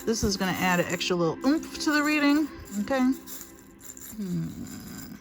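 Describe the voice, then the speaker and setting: A chatty woman with a mid-range, expressive voice gives a casual spiritual reading to camera at a moderate pace, recorded on a phone with faint music behind her. She is emphatic and repetitive, often calling her viewers "honey."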